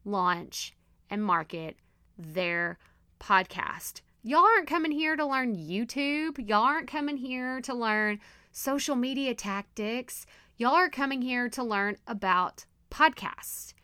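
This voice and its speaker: A woman hosting her own podcast, teaching in a chatty, animated, self-deprecating way, with her voice strained and going hoarse. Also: on the high side, slow pace, no echo, clean studio sound. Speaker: podcast host and coach. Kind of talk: casual solo podcast teaching.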